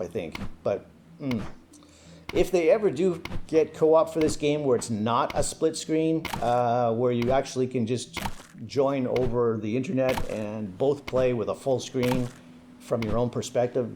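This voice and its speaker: A young man giving relaxed, casual commentary over his own gameplay, thinking aloud as he plays. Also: mid-range voice, slight background noise. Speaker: gaming commentator.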